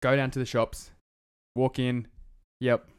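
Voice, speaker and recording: An Australian man in casual podcast conversation, swearing freely as he tells a story. His voice sits at a middle pitch and his delivery is animated. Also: a little slow, clean tone. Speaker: podcast co-host. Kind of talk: casual chat.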